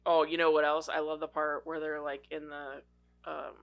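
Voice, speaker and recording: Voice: mid-range voice, flat delivery, normal speed, gravelly, dull audio. A podcast co-host chatting casually about a movie, laughing often and trailing off with fillers.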